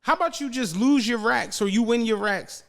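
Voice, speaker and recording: A man's voice: very high-pitched, moderate pace, gravelly. A man co-hosting a podcast, talking casually with lots of swearing and acted-out quotes. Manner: animated, swearing, acts out quotes. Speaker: podcast co-host. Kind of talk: casual chat.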